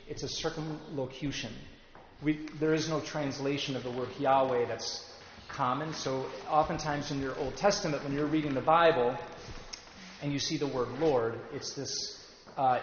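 Guy teaching sunday school, kinda high voice, roomy echo, a bit muffled. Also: a little hiss or hum. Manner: explanatory, leads group readings, pauses with fillers. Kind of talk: church class teaching. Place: church classroom. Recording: echoey roomy recording from a distance.

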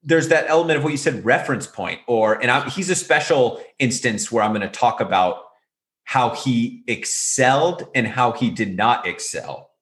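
A man co-hosting a podcast in casual chat, animated, talking in rapid bursts with many fillers. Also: medium pitch. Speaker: podcast co-host. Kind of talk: casual chat about martial arts films.

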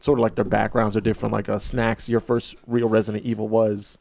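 A man's voice: fairly low pitch, flat delivery, brisk, vocal fry, noisy background. A man talking as a guest on a gaming podcast, rambling and hesitant with fillers, in casual chat.

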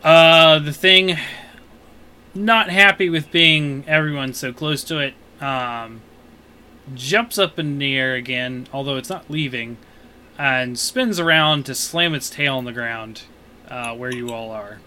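Bright-voiced game master, man. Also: medium pitch, slight background noise. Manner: hesitant, fills pauses with ums and uhs. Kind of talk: narrating a tabletop game.

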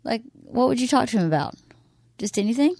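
A woman's voice: a little high, animated, fairly quick, a little mellow, no room sound, clean studio sound. A woman in casual podcast chat with her husband at home, easygoing and teasing. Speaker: guest, host's wife. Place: home man cave studio.

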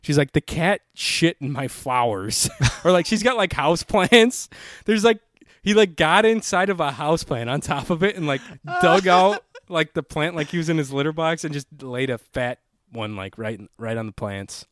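A man's voice: on the high side, moderate pace, fairly bright tone, no echo, studio quality. A man in casual chat, rambling and swearing with lots of filler words. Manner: loose, swears a lot, rambling with many "like"s.

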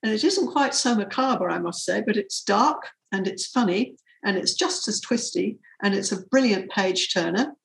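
Aussie woman interviewing an author, gravelly fry in her voice, really enthusiastic. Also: mid-range voice, animated, moderate pace, hardly any pauses, a little hiss or hum, poor audio. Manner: enthusiastic, warmly admiring. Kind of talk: prepared introduction.

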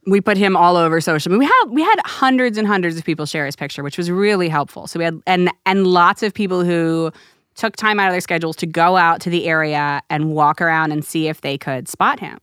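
A woman co-hosting a casual radio talk show in a studio, chatty and animated as she tells stories. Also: on the low side, brisk, smooth, no room sound. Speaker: radio co-host and rescue director. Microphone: studio microphone.

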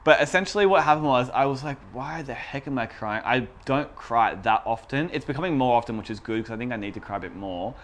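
A young man in a relaxed chat, his voice sitting at an ordinary mid pitch. He tells stories about himself in a chatty, self-deprecating way and breaks into laughter often. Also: fast, hardly any pauses. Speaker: podcast co-host. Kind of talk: casual chat.

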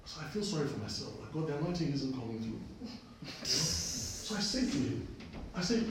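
A man's voice: a little high, very animated, normal speed, hardly any pauses, background noise. A man preaching a sermon, telling a personal story and repeating phrases for emphasis. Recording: echoey distant room recording.

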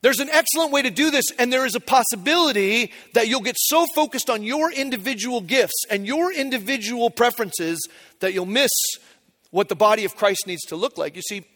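Man, high-pitched, preaching, chatty, humorous anecdotes. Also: expressive, a little fast, pushed and bright. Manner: informal, storytelling with humor. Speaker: pastor. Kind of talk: conversational sermon.

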